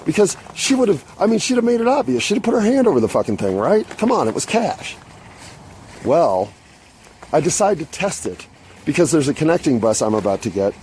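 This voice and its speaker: Here a podcast host, a man with a slightly high voice, rattles off a casual storytelling monologue at a fairly quick clip out on the street and at bus stops. He swears freely, rambles, and livens up whenever he retells something, while faint street and traffic noise can be heard.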